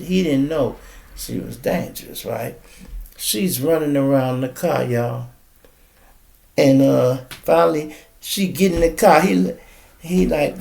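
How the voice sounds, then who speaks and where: A podcast host from with a gravelly, creaky voice, telling a story casually and with energy. He speaks right to his audience, in a voice of ordinary male pitch. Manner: animated, addresses listeners as y'all.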